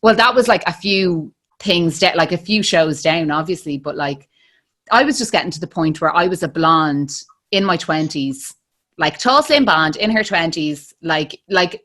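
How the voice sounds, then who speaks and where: A woman's voice: on the low side, expressive, brisk, fairly bright tone. An Irish woman in her thirties hosting a podcast, chatting casually with lots of restarts and fillers. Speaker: podcast host. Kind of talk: casual interview chat.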